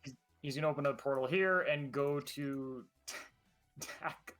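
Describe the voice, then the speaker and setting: Man, player, third-person action talk with pauses, soft music bed behind. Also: medium pitch. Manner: describes his character's actions in third person, with halting fillers. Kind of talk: casual tabletop play.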